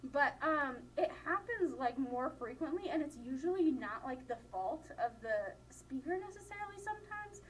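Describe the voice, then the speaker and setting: A woman's voice: high voice, lively intonation, normal speed, few pauses, a little hiss or hum, low-quality recording. Chatty young woman lecturing, giggly. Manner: chatty, laughs often, many "like" fillers. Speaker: college instructor. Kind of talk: classroom lecture. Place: classroom.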